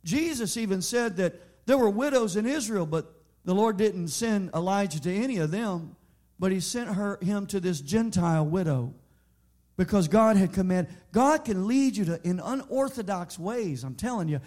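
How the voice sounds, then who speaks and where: A pastor delivering a sermon, telling a story and building to loud, emphatic preaching. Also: male voice, high-pitched, expressive, normal speed.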